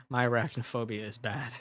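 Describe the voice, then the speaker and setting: Man, young adult, casual rambling chat, giggly, mid pitch, dry sound. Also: fairly bright tone, dry recording. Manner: rambling, giggly, self-interrupting. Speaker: audio drama creator. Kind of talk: casual chat brainstorming ideas.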